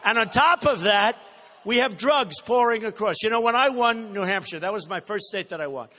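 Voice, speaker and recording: A man giving a campaign rally speech in a large hall, boastful and repetitive, talking off the cuff into a stage microphone and breaking into shouts. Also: high voice, expressive, moderate pace. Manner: bursts into shouting. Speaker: political candidate.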